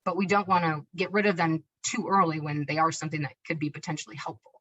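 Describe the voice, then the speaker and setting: A woman explains child behavior in an easygoing, conversational presentation, often checking in with listeners along the way. Her voice sits a bit low. The recording sounds dull and muffled. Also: fairly even intonation, fast, a bit bright. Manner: conversational, frequent "right?" and "you know". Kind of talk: informal presentation.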